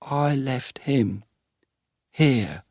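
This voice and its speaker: A man's voice: medium pitch, darkish tone, no room sound, clean studio sound, voice pushed up. A man voicing a weary, tearful woman, the wife of a tramp, in a storybook reading. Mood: defiant. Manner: pleading, tearful, slow.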